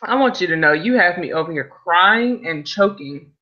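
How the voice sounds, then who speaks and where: A woman co-hosting a live talk show, reacting to her partner with laughter and unhurried comments. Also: on the low side, expressive, dull audio. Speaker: radio show co-host. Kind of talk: casual talk-show banter.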